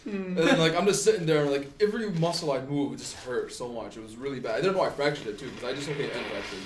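A man's voice: medium pitch, fast, noisy background. A man co-hosting a podcast, telling a story casually, full of "like" and "um". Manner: rambling, heavy on "like" and "um". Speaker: podcast co-host. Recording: roomy, distant mic.

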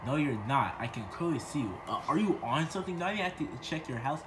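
A man's voice: a little high, animated, fast talker, background noise, natural voice. A man voicing a smug, spoiled rich man who talks down to everyone with a bossy drawl.

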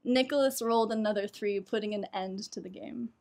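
A woman's voice: mid-range voice, fairly quick, vocal fry. A young adult woman performing a personal story, laughing often and poking fun at herself. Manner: laughs often between lines, lively and self-mocking.

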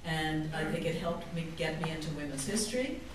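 A woman's voice: low voice, lively intonation, brisk, background noise. An older woman from New York City speaking reflectively as a panelist. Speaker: panelist, historian. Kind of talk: casual panel talk. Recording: echoey hall, distant mic.

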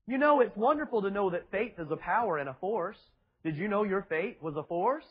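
High-voiced husky preacher, mocking. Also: male voice, lively intonation, fairly quick, lo-fi sound. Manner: mocking, sarcastic preaching with emphatic repetition. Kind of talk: sermon. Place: church with children present.

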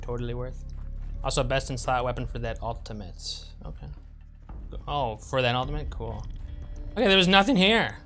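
A man's voice: mid-range voice, animated, moderate pace, pauses often, sharp tone, soft background music. A man streaming a game live, making sarcastic jokes and swearing a lot when he gets frustrated. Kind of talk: live gameplay commentary.

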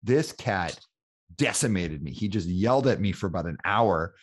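A man hosting a podcast and telling a story in a chatty, animated way. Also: sits low, normal speed, breathy edge. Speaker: podcast host. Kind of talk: casual storytelling in an interview.

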